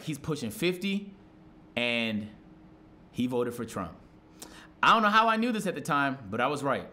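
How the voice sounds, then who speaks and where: A young man streaming live, telling a story to his chat in a profane, excitable way and acting out shouted quotes. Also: mid-range voice.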